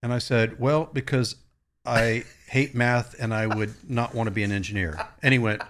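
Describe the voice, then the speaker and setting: A man's voice: mid-range voice, fairly even intonation, moderate pace, fairly bright tone. Man in mid-range voice, wry storyteller. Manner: reflective, wry anecdotes. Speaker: therapist, podcast co-host. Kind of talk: casual conversational storytelling.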